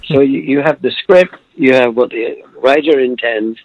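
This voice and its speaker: Gravelly elderly man, muffled and dry. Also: medium pitch, normal speed, no echo. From Britain. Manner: reflective storyteller, chuckles often, trails off mid-thought. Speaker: actor guest. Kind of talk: relaxed interview over a remote call.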